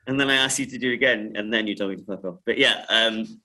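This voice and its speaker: A film director with a lowish, bright, forward voice. He tells stories in an animated way, laughing often and stumbling into repeats as he talks. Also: fast, low-quality recording. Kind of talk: casual interview talk.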